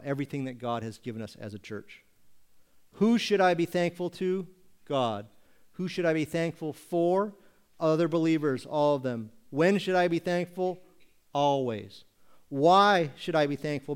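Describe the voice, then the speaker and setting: Man preaching, slightly high clear voice. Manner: preaching with rhetorical questions, slows for emphasis on scripture. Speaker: pastor. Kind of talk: sermon. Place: church.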